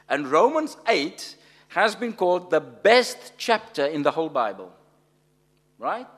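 Brief: male preacher, fairly high voice, very lively pitch, emphatic sermon delivery, long hall reverb. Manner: emphatic, rising to loud stresses, rhetorical questions.

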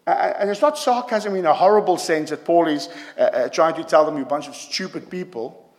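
A man's voice: high voice, animated, brisk. A man preaching a sermon to a congregation, emphatic and punctuating his points with "yeah?". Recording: long hall reverb.

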